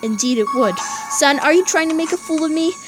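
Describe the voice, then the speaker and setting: A woman's voice: high-pitched, lively intonation, fairly quick, over music, pitched above the performer's own voice. A woman voicing a cold, menacing older male general who speaks in stern commands.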